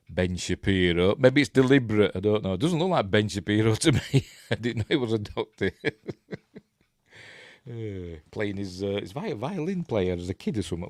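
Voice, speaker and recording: A middle-aged Yorkshire man talks through a film in a loose, rambling commentary, full of ums and half-muttered asides. His voice sits low and deep. The sound is dry and close, with no room echo. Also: a little mellow. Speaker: film reviewer. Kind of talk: casual watch-along film commentary.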